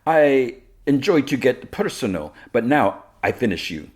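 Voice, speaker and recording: A man's voice: mid-range voice, sing-song, a little slow, voice pushed up. A man voicing a flirtatious female supervillain who speaks broken English and teases the hero. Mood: taunting. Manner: teasing, purring taunts.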